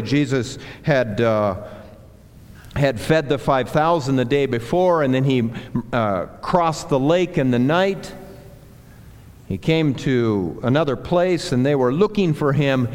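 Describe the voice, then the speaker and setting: Slow, deliberate preaching man in a reverberant hall. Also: on the high side, darkish tone. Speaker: pastor. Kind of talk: sermon. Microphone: handheld or clip mic that slipped.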